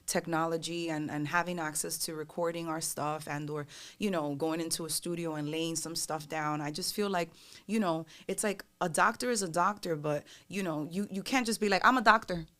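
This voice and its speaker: A woman, a singer guest on a podcast, telling stories in a casual, animated and profane way, acting out the voices of others. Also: deep voice, normal speed. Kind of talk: casual storytelling chat.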